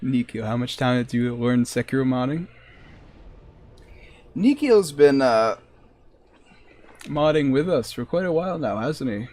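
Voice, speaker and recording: A man's voice: mid-range voice, lively intonation, unhurried, pauses often, a little mellow. A man streaming a modded game, chatting with his viewers and joking as he plays. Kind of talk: casual gameplay commentary.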